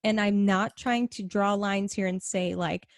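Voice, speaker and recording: A woman hosts her podcast with bubbly, excitable energy, peppering her talk with swearing and laughter. Her voice sits at a middle pitch, recorded close and dry with no room sound. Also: a little slow, no echo. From Middle Eastern. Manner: bubbly, profane, laughs often. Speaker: podcast host. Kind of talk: casual podcast chat. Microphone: home podcast microphone.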